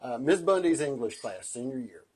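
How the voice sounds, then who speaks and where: A middle-aged man co-hosts a casual cocktail livestream, chatting and telling stories at a normal speed. His medium-pitched voice is animated, a little mellow, and slightly breathy, and he laughs often while acting out the voices of the people in his tales.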